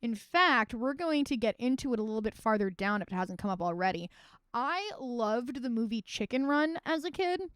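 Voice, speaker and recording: A woman's voice: a little high, lively intonation, normal speed, a bit bright, smooth, dry recording, studio quality. A young woman streaming live, chatting casually and wryly about films, rambling and swearing freely. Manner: rambling, profane and wry.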